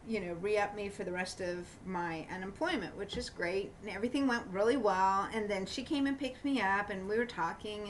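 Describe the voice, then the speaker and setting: A woman telling a long personal story in a casual vlog, rambling with many fillers and restarts and getting animated when she quotes others. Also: mid-range voice, far from the mic, slight background noise, rough recording. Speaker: vlogger.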